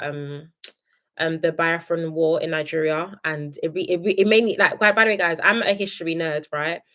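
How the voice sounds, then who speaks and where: A young woman, reviewing a reality show on a casual live stream, opinionated and chatty, reading viewer comments aloud. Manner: animated, jumps between high excited greetings and low asides.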